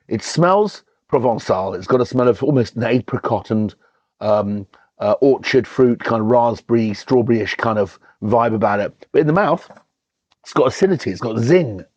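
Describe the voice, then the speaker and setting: A man talks his way through a wine tasting in a loose, enthusiastic way, often stopping to restart a thought. His voice sits at an ordinary middle pitch. The recording is dry and a little muffled. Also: normal speed, a little mellow, no echo. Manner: chatty and enthusiastic, with frequent ums and restarts. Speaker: wine reviewer and show host. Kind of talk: casual wine tasting chat.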